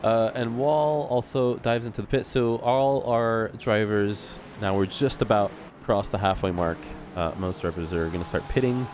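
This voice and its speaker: Relaxed male sim racing commentator. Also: fairly low pitch, normal speed, hardly any pauses, faint music behind. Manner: relaxed, chuckling, trailing off with fillers. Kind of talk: live race commentary.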